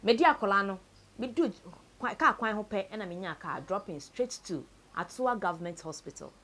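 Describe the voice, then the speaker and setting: A Ghanaian woman telling a sad story from her own life, mixing Twi and English, her voice often sinking low and quiet. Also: lively intonation, brisk. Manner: tells a sad story, switches between Twi and English, voice sinks low and soft. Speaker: interviewee. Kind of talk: personal story told to camera.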